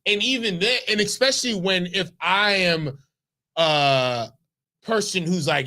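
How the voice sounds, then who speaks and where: A man co-hosting a comedic news talk show, rambling and halting with many restarts. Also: sits high, pushed and bright. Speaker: co-host. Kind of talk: casual comedic news chat.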